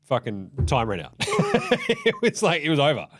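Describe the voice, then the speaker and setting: A young Australian man hosting a casual sports recap, sweary, excitable and jokey. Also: mid-range voice, moderate pace, slight background noise. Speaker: host.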